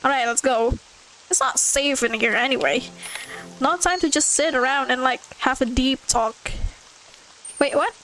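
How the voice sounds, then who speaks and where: High-voiced, excitable woman streamer. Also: normal speed, long pauses, soft background music, low-quality recording. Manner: excitable, swears and laughs a lot. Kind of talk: horror game playthrough with live reactions.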